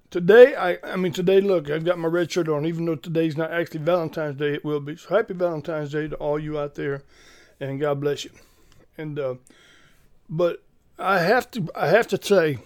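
A man hosting an informal preaching podcast, talking in an earnest, folksy and urgent way. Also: sits high.

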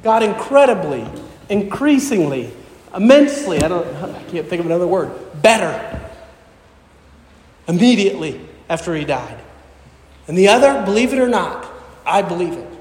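A man's voice: high voice, animated, normal speed, pauses often. A man preaching a sermon as pastor, with a fervent, repetitive preaching cadence. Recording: echoey hall with long reverb.

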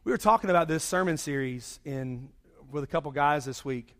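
A man's voice: fairly high pitch, brisk. A man preaching a conversational sermon after praying, his voice a bit worn from singing. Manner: conversational, animated storytelling. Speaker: pastor. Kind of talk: sermon with opening prayer.

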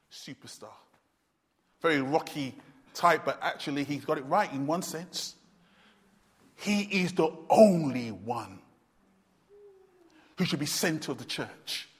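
A man's voice: a little high, breathy edge, long reverb tail. A man preaching a sermon in an emphatic, repetitive, conversational manner with fillers.

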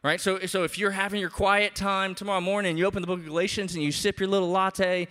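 A man preaching a sermon as a pastor, in an animated, conversational way with emphatic rises. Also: sits high, fast, big-room sound.

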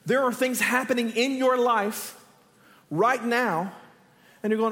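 A man's voice: very high-pitched, a little slow, a bit bright. A male pastor preaching a sermon, earnest and rising to impassioned pleading. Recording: long hall reverb.

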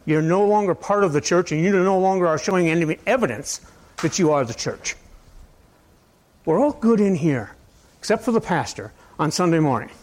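A man preaching a sermon in a conversational, rambling way, asking his listeners question after question and swinging between loud and soft. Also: high-pitched, animated, moderate pace. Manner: conversational, asks the audience many questions. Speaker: pastor.

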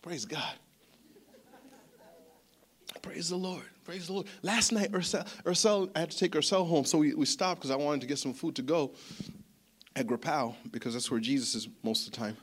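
A man delivers a sermon like a long, rambling story. His voice sits a little high, and he talks in a lively, chatty way, doubling back on his words as he goes. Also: a little fast, slight background noise. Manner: animated, chatty, repeats words. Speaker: pastor.

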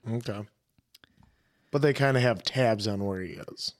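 Man co-host tossing in quick asides. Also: on the low side, no echo, studio quality. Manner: brief reactions and jokey asides. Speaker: podcast co-host. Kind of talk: casual podcast chat.

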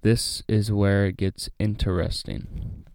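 A man reading a Bible passage aloud and then talking it over in a relaxed, chatty way with many fillers. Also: fairly low pitch, takes it slowly, no echo, clean studio sound. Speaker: Bible study host. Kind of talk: casual Bible reading and commentary.

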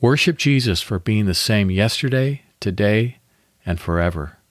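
A man hosting a devotional podcast, reading a guided Bible meditation in a calm, measured way with pauses. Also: fairly low pitch, no room sound, studio quality.

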